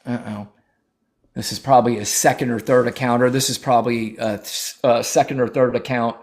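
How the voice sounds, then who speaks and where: A man's voice: medium pitch, steady tone, a little fast, a little mellow. A man hosting a political livestream, talking in a brash, profane, mocking way, thanking viewers and scolding callers. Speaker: livestream host.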